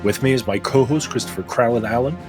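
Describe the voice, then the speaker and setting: A man's voice: medium pitch, fast talker, music in the background. A man hosting a podcast in casual comedic chat, jokey, laughing often and swearing casually. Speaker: podcast host.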